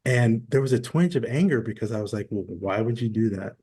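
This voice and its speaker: Podcast guest, man in his forties, lowish voice, easygoing storyteller who slips into the voices of the people he quotes. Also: brisk, breathy edge. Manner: relaxed storyteller who acts out quoted dialogue. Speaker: podcast guest, former military. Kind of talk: casual interview storytelling.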